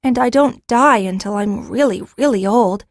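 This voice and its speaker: A woman voicing a bold, eager young girl with the sight in an audiobook, proud and quick to exclaim. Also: a little high, dry recording, clean studio sound, pitched above the performer's own voice, close to an everyday voice. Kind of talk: audiobook character reading.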